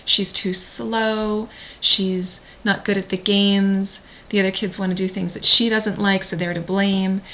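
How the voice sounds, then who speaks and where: A woman working as a parent coach, guiding a listener through a visualization in a gentle, slow, soothing way. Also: mid-range voice, level tone, slight background noise, rough recording. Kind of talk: guided visualization.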